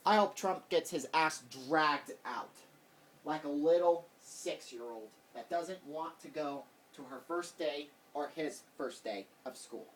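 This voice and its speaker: A man's voice: a little high, measured pace, slight background noise. A man vlogging a heated, rambling political rant, repeating himself as he talks. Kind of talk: casual political rant to camera. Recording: voice distant from the mic.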